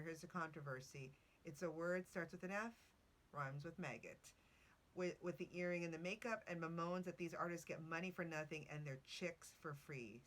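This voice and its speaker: A woman hosting a podcast, chatting casually through her notes with asides and self-corrections. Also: sits low. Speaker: podcast host.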